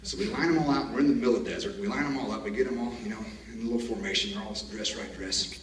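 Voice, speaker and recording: A man's voice: lowish voice, very fast, crowd noise. Folksy man speaking at a graduation. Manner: folksy storyteller, jokes and laughs at his own stories. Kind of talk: commencement speech. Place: large hall. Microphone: far camera. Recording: echoey hall, distant camera.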